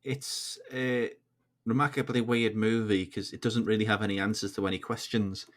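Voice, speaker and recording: A fairly low male voice chatting with a podcast host in a relaxed way. He often laughs between his remarks. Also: normal speed. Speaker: podcast guest. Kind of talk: casual film discussion.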